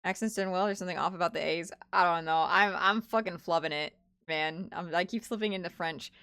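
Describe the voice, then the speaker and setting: A woman's voice: fairly low pitch, a little fast, a bit bright, clean tone. Rambling woman streamer, stammering. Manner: rambling, stammering, many restarts. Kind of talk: casual game commentary with swearing.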